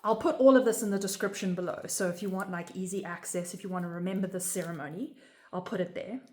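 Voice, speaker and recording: A woman's voice: lowish voice, fast, darkish tone. A woman explaining a home ritual in a casual, earnest way, often checking in with "right?". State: emotional, near tears. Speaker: spiritual teacher. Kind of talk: casual instructional talk. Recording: echoey room.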